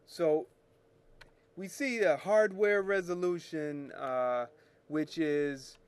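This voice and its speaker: A man's voice: a little high, slow pace, smooth. A man hosting a photo retouching show, explaining scanner settings in a chatty, rambling way that corrects itself as he works at his computer. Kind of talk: casual screen-share tutorial.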